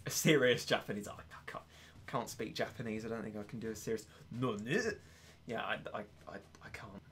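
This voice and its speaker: A man's voice: fairly low pitch, fairly even intonation, a little fast, fairly bright tone, a little hiss or hum. A young man chatting casually and laughing on a live stream. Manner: chatty, giggly, self-mocking.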